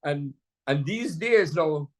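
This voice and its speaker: A man's voice: fairly high pitch, expressive, slow. An older man from Jamaica with a Jamaican accent, a jazz pianist telling stories in a casual conversation over a video call, rambling and restarting often. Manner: rambling, storytelling, many restarts and "you know"s.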